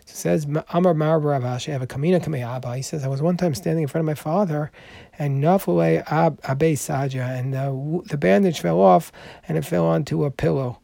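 A man's voice: fairly high pitch, brisk, vocal fry, dark tone, no echo. A man teaching a Talmud class, reading Aramaic passages aloud and explaining them in English with frequent restarts.

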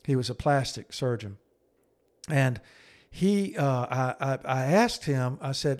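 Middle-aged man, earnest, halting storyteller, drops to a hushed low voice for quotes, average pitch. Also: lively intonation. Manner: earnest, halting, with frequent restarts and fillers. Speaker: podcast co-host and counselor. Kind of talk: conversational storytelling.

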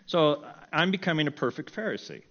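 A middle-aged man telling a personal story in a sermon, animated and self-mocking, often breaking into laughter. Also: a little high, a little fast, highs cut off. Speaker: preacher.

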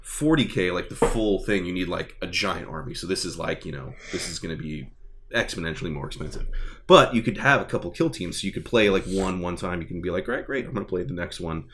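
A man chatting casually and excitedly about a tabletop game, rambling with lots of fillers. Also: deep voice, brisk, slight background noise. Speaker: tabletop gaming enthusiast. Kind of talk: casual chat.

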